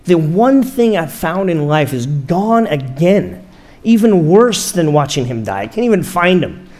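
A man with a somewhat high voice delivers a sermon as a relaxed storyteller. He keeps it conversational, asks his listeners questions and slows down to let key lines land. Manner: storytelling, conversational, with rhetorical questions and slow pauses for emphasis. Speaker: pastor.

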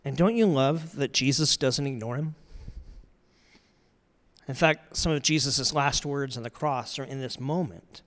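A middle-aged male pastor preaches a sermon, telling its story earnestly in a medium-pitched voice at a slightly slow pace. He swings between loud emphasis and soft, quiet passages.

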